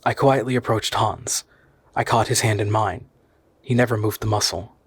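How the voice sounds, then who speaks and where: A man reading a classic novel aloud in steady, measured narration. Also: fairly low pitch, breathy edge, dry recording. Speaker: audiobook reader.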